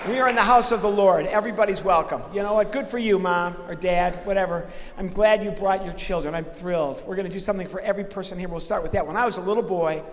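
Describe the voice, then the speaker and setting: A man doing live stand-up comedy and ventriloquism in a church, chatty and animated with the audience. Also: sits high. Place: church hall. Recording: live hall reverb, faint ambience.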